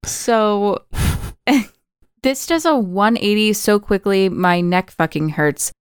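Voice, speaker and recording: A woman's voice: medium pitch, takes it slowly, smooth, no echo, clean studio sound. A woman co-hosting a podcast, recapping a film in chatty casual talk full of "like" fillers. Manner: chatty storytelling, many "like" fillers. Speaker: podcast co-host.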